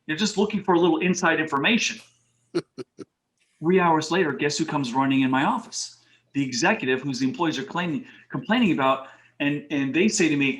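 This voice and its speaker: A man's voice: on the high side, fairly quick. A middle-aged man, a talent advisor, telling work stories as an interview guest. He talks animatedly, acts out what people said, and uses a lot of "you know". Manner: animated, acts out quoted dialogue, many "you know" fillers. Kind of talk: casual interview storytelling. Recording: roomy echo.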